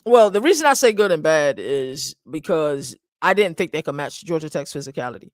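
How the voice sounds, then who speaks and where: A man's voice: fairly high pitch, big pitch swings, a little fast, no echo, clean studio sound. Laid-back man hosting sports chat. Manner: laid-back, agreeable, leads the topics. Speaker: podcast host.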